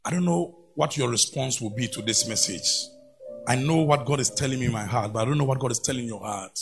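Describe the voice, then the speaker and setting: A man preaching a sermon in a church, swinging between loud exclamations and low murmurs. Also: brisk, creaky, faint music behind.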